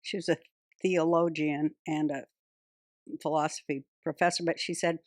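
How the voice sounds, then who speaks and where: A woman's voice: sits low, level tone, normal speed, a little mellow, no echo, clean studio sound. A woman hosting a podcast in casual chat, blunt and profane, cutting in often. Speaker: podcast host.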